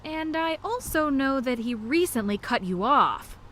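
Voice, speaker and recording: A woman's voice: high-pitched, lively intonation, measured pace, fairly bright tone. An actress voicing a young woman detective in a video game, questioning suspects in a direct, probing manner.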